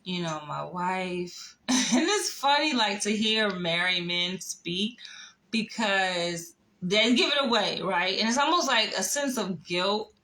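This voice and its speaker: A woman's voice: on the low side, bright, forceful tone, poor audio. A woman casually telling a personal story, chatty, with laughs, asides and the odd whisper. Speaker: vlogger.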